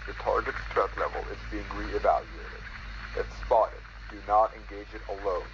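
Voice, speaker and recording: A terse squad commander barks clipped orders over a crackling game radio, played by a man. His voice sits low and flat. The transmission is muffled, with loud noise behind it. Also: normal speed. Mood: commanding. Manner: clipped military radio talk. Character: male military squad commander on radio, curt.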